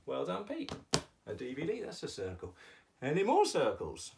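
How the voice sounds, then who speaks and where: This children's educational host has a medium-pitched, sing-song voice that is gravelly and a little mellow, delivered at normal speed. He leads a playful puppet lesson on shapes with patient, teacherly, exaggerated emphasis, recorded on a distant mic.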